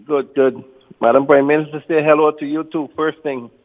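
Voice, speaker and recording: A man's voice: on the high side, flat delivery, moderate pace. A man calling into a show, friendly and laughing. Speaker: caller. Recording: tinny phone line with reverb.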